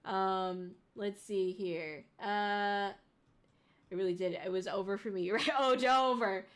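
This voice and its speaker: A young woman streamer chatting casually with her viewers, excitable and laughing often. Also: mid-range voice, a little slow, clear, resonant tone. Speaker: VTuber streamer. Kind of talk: casual livestream chat.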